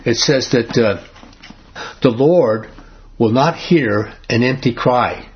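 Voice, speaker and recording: A man's voice: mid-range voice, takes it slowly, husky. A man leading a Bible study in an earnest, conversational teaching style, often asking his group questions. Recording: dull lo-fi recording.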